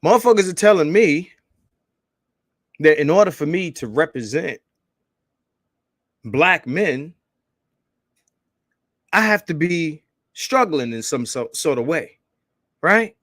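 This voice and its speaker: A man hosting a casual livestream, hyped and profane, calling out shout-outs to viewers and begging for likes. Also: on the high side, very animated, takes it slowly, long pauses, no room sound, clean studio sound. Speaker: livestream host.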